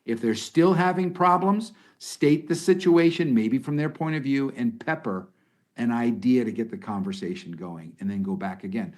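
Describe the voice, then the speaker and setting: Here the same kind of podcast interview features a middle-aged man as expert guest, his mid-range voice at a moderate pace. He hands out conversational advice animatedly, restarting sentences and performing example lines as he talks.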